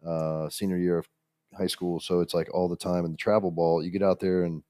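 A man's voice: sits low, flat delivery, a little fast, mellow, no room sound. A man in his forties chatting easily on a podcast, chatty and meandering. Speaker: podcast guest. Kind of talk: casual chat. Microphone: studio mic.

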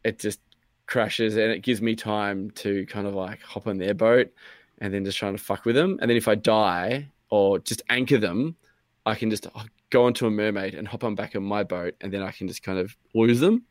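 A man's voice: lowish voice, normal speed, no room sound, clean studio sound. A young man co-hosting a podcast, telling a long story in rambling, swearing, casual chat and acting out his own thoughts. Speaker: podcast co-host.

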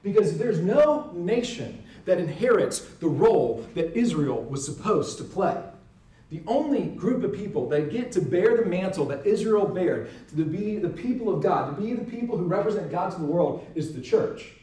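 A man with a fairly high voice gives an earnest, emphatic teaching. He keeps checking in with his listeners. The sound is roomy and echoing, and the mic sits some way off from him. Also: very animated, normal speed, mellow, recorded from a distance. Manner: earnest, emphatic, tag question "right?".

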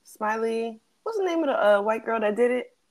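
Animated woman co-hosting a recap chat. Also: a little high, fairly quick. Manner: animated, acts out quotes, laughs often. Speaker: podcast co-host.

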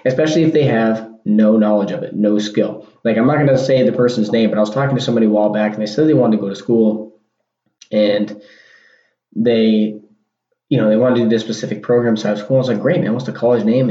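Talking fast in a mellow, fairly low voice with fairly even intonation, a man rambles through his casual solo podcast, often restarting and repeating words. The audio is dull and lo-fi, with room echo.

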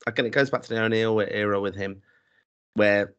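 An Irish man co-hosting a podcast, speaking reflectively and with measured thought, often restarting his sentences. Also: fairly low pitch, steady tone, a bit bright, clear, resonant tone, lo-fi sound. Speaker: podcast co-host. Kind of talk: casual podcast chat.

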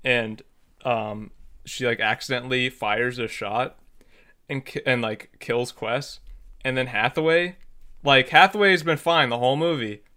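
A man co-hosting a podcast, casually recapping a film plot with lots of fillers and quick acted-out character lines. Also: mid-range voice. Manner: animated, many fillers, acts out characters' lines. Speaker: podcast co-host.

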